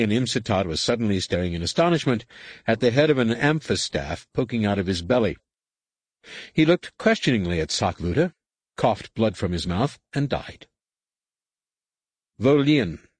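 A man narrating an audiobook in a steady, even storytelling manner. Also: fairly low pitch, breathy edge, no room sound.

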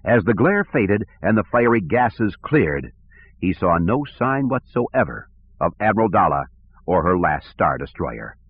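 A man narrating an audiobook in a steady, measured way, on a tinny recording. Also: deep voice, slightly rough, no room sound. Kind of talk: scripted narration. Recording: tinny phone-like sound.

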